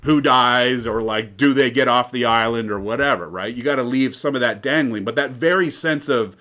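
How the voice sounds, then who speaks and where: A man's voice: medium pitch, normal speed, sharp tone. A man giving an informal lecture in a chatty, digressive way, often checking in with "right?".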